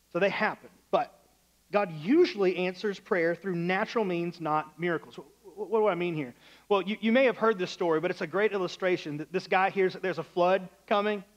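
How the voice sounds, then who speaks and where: A man's voice: high-pitched, lo-fi sound. A male pastor preaching a sermon in a church, loose and conversational, acting out the voices in his stories.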